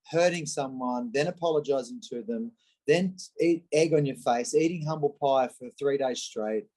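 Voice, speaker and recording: A man, a guest in an interview, telling candid personal stories in an animated way and acting out the voices of the people he quotes. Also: mid-range voice, low-quality recording. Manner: animated, acts out quoted voices, frequent restarts. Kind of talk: candid conversational storytelling.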